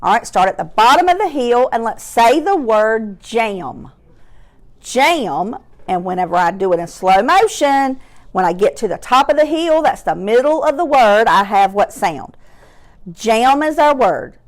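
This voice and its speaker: A woman teaching a phonics lesson to young children, breaking words into slow, clearly separated sounds and encouraging them along. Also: fairly high pitch, sing-song.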